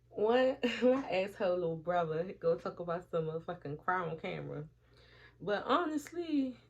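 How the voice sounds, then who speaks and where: A woman's voice: on the low side, gravelly, slightly rough. A woman vlogger in a casual storytelling chat, swearing freely and acting out what her friends said, while doing her hair at home. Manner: profane, animated, acts out quoted friends. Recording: dull lo-fi audio.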